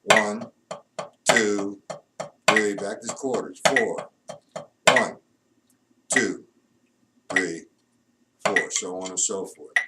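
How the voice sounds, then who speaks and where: A man's voice: lowish voice, far from the mic, noisy background. A man teaching a drum lesson, counting beats aloud and explaining rudiments in a plain, instructive way.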